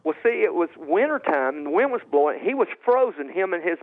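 A man telling his personal testimony with excitement, often restarting and repeating himself and jumping high and loud as he relives what happened. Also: brisk. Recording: tinny phone-like sound.

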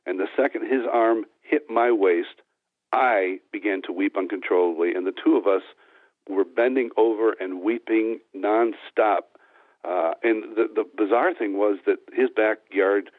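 A man's voice: lowish voice, dry recording. A man giving an earnest personal testimony as an interview guest, telling it step by step with frequent restarts. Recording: tinny phone-like dry sound.

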